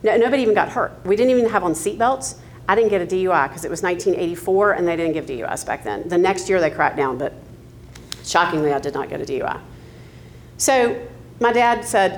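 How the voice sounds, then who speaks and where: A woman's voice: fairly low pitch, expressive, quick pace, slight background noise. A woman in her fifties from the American South, telling her life story with candid asides, ums and light laughs. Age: 50s. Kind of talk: personal testimony.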